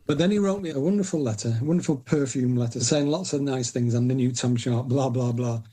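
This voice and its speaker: A middle-aged man with a Northern English accent, chatting as a guest on a podcast. He tells long, self-mocking anecdotes in a warm, mellow voice. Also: medium pitch, brisk. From Northern England. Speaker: guest, indie publisher. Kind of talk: casual storytelling interview.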